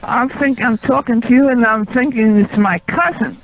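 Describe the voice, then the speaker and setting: A woman's voice: on the high side, normal speed, a little hiss or hum. An older woman on a phone call, rambling and hesitant, a bit bewildered. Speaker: prank call target. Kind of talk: phone conversation.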